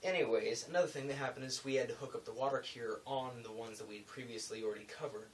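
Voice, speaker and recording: A young man telling a rambling, animated story in a casual vlog, full of asides and self-corrections. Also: mid-range voice, fast talker, recorded from a distance, slight background noise, low-quality recording. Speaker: vlogger.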